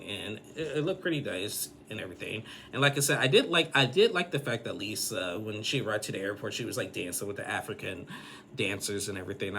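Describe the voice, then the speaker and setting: Give me a man with a lowish voice chatting loosely through a show recap. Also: vocal fry, bright, forceful tone, a little hiss or hum. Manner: rambling, full of fillers and restarts. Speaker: recap vlogger. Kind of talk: casual episode recap.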